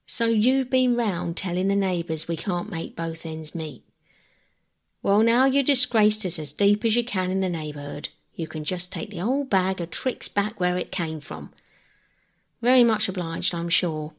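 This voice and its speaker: A woman's voice: fairly low pitch, lively intonation, measured pace. Woman putting on a proud, touchy porter. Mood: indignant. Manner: indignant, clipped dialect speech. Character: proud touchy working-class railway porter man.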